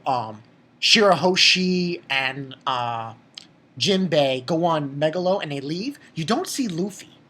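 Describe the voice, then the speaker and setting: A young woman with a low, husky voice rambles through an anime episode recap. She talks casually, restarts her sentences often and swears now and then, in a loose spoken review. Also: a bit bright.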